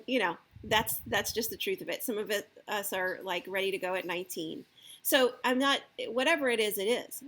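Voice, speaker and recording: A woman's voice: mid-range voice, a bit bright. A woman giving casual parenting advice, checking in with her listeners with frequent "okay?" and "right?". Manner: acts out the parent's lines in a lifted voice. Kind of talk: casual advice talk to camera.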